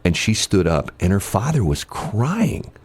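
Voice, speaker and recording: A man's voice: lowish voice, big pitch swings, measured pace, husky. A man hosting a morning radio show, telling rambling stories with jokey asides in casual chat. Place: radio studio. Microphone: studio microphone.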